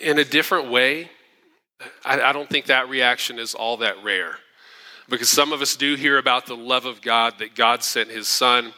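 Man, pastor, sermon, earnest, animated, bright forceful tone, reverberant sanctuary. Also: mid-range voice, moderate pace. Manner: earnest, animated preaching with acted-out quotes. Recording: long hall reverb.

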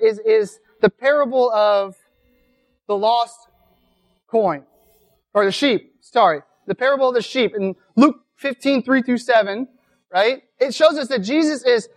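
A woman giving a conversational sermon at a weekend retreat, repeating words as she goes and often asking "right?". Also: fairly high pitch. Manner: casual, repeats words, asks rhetorical questions. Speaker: speaker at a weekend church retreat.

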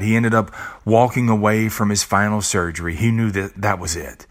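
A man's voice: fairly low pitch, fairly even intonation, normal speed. A middle-aged man hosting a podcast, speaking an earnest, reflective monologue with casual swearing and restarts. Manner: earnest, with blunt casual swearing and repeated words. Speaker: podcast host.

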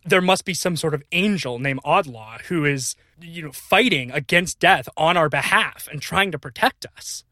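A man co-hosts an improvised comedy podcast in an excitable, rambling way, laughing through his lines. His voice is bright and a little high. The recording is close and dry. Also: moderate pace, hardly any pauses, no echo. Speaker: podcast co-host.

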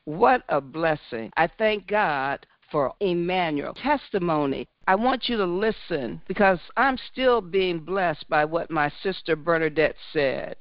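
A woman hosting a church prayer line in a fervent, drawn-out preaching manner. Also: fairly low pitch, expressive, dry recording, lo-fi sound.

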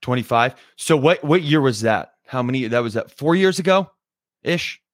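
A man's voice: mid-range voice, expressive, normal speed, dry recording. Upbeat young man hosting a podcast. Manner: friendly, upbeat, many fillers like "you know" and "right". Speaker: podcast host. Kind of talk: casual interview.

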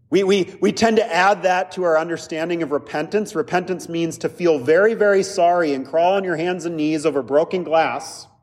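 Earnest male pastor in a reverberant church. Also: a little high. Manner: earnest, conversational preaching with frequent "right?" asides. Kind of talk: sermon.

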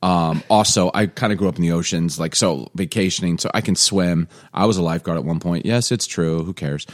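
An American man in his forties, with a low voice and a fairly quick pace, co-hosts a casual chat show alongside his wife. He tells stories with a joking, self-deprecating streak.

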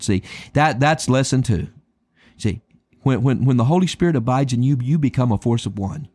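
A man preaching a sermon, emphatic and dramatic, slowing down to stress key words and calling his listeners beloved. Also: medium pitch, animated, darkish tone, breathy edge, no room sound. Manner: addresses listeners as beloved and friends.

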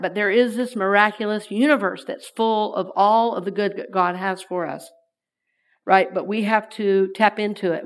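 A woman minister giving a sermon to her congregation, lively and playful, inviting listeners to repeat her lines. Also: mid-range voice.

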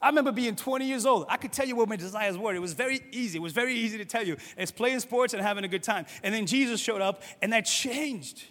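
A middle-aged man preaching a sermon as a pastor, conversational and animated, acting out quoted voices. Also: sits high, fast talker, few pauses, big-room sound.

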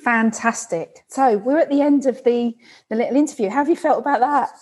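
A woman's voice: a little high, a little fast, darkish tone, slightly rough. A woman hosting a podcast interview, chatty and encouraging, often speaking straight to listeners. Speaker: podcast host and running club organiser. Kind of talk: casual interview.

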